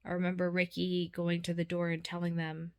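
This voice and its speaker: A woman's voice: fairly low pitch, monotone, brisk, smooth. A woman vlogging about a dream and her faith, talking earnestly and casually with many fillers.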